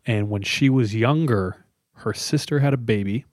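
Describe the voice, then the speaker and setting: A man's voice: mid-range voice, moderate pace, darkish tone, no room sound, studio quality. A man casually retelling a scary story to friends, chatty and loose, with lots of fillers. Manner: conversational, loose with many fillers.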